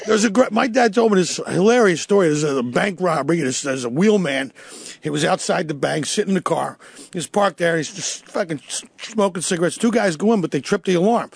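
High, gravelly man telling rowdy stories. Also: a little fast, dry recording. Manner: animated, swearing, acts out voices in his stories. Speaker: guest storyteller. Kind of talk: casual profane anecdote telling.

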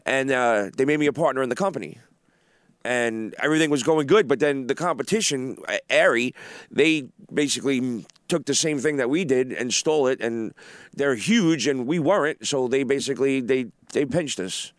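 Halting man in his forties. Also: mid-range voice, dry recording, studio quality. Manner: halting, restarts often. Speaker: guest. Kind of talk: casual storytelling.

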